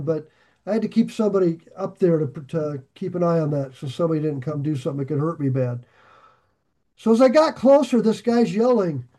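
A man leads a Bible study and tells a rambling anecdote, chuckling along the way. His voice sits fairly high yet sounds mellow and warm. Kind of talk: casual storytelling.

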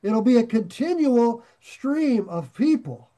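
An older male pastor preaching in a high, lively voice. He talks folksy and plain, dropping jokes between scripture readings and swelling suddenly louder on key points. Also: slow pace. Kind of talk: sermon.

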